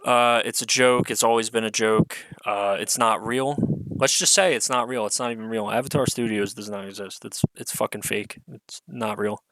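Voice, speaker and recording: A man's voice: fairly low pitch, steady tone, normal speed, fairly bright tone, no room sound, poor audio. A man giving an unscripted solo rant as an online commentator, profane, exasperated and sarcastic, swearing often amid fillers.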